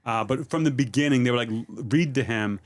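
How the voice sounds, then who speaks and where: A middle-aged man speaks at an ordinary, middling pitch. He is a comedian and a podcast guest, telling his stories in a loose, relaxed way with plenty of fillers. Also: fairly quick. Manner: relaxed, rambling storytelling with many fillers. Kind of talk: casual podcast chat.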